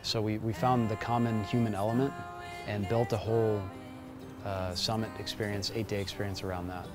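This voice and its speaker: A man's voice: fairly low pitch, little pitch movement, moderate pace. A man explaining the program he organizes in an upbeat, emphatic way. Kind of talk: promotional interview. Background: music.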